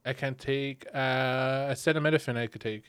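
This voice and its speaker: A young man co-hosts a podcast, telling stories in casual chat filled with fillers and acted-out quotes. His medium-pitched voice is clear, resonant and a bit bright, with fairly even intonation and normal speed. The recording is clean studio sound with no echo.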